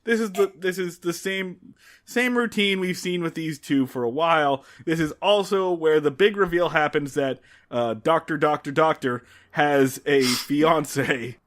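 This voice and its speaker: A man's voice: a little high, a bit bright. A man co-hosting a podcast, recapping an old TV episode in casual chat, wry and exasperated, acting out characters' lines. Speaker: podcast co-host.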